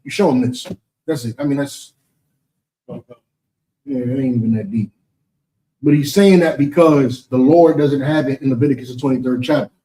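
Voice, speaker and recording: A man's voice: mid-range voice, normal speed, pauses often, mellow, far from the mic, low-quality recording. A man with an American accent teaching and answering questions in a preaching session, emphatic and rhetorical, often asking "you understand?".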